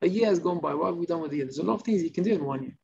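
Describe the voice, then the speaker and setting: A male rabbi giving an informal Torah class, telling stories and acting out the shouting characters. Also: a little high, rapid-fire, gravelly. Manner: animated storytelling, acts out shouting characters. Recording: slightly muffled recording with faint noise.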